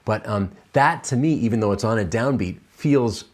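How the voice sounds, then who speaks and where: A man's voice: fairly low pitch, lively intonation, moderate pace. A man teaching a piano lesson on video, enthusiastic and encouraging, with frequent fillers and restarts as he explains. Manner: enthusiastic, encouraging, counts and scats rhythms aloud.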